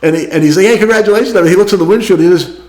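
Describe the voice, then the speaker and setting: A man co-hosting a podcast, telling a racing story in a casual, animated way, acting out radio calls and laughing often. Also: a little high, very fast. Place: garage studio. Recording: roomy echo.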